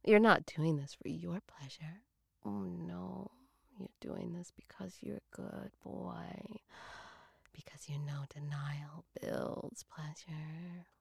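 Breathy, commanding woman in whispered role-play. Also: lowish voice, slow, no echo, studio quality. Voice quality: breathy, moaning. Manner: dominant, teasing, commanding.

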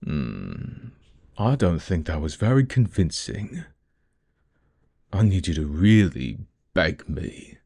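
A man with a deep, breathy voice murmurs his way through an adult audio role-play, right up against the mic. He drags out every word at a very unhurried pace, teasing and giving orders without ever rushing. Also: very animated, darkish tone, dry recording, clean studio sound.

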